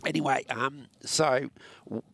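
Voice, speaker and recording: A man's voice: medium pitch, steady tone, unhurried, gravelly, bright, forceful tone. A middle-aged Australian man with a scratchy, coughing throat, rambling and self-mocking with frequent ums in a casual podcast interview. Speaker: former motorsport executive, guest.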